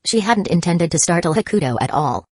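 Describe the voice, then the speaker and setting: Low-voiced woman narrating an audiobook. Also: expressive, fairly quick, a little mellow, slightly rough, dry recording.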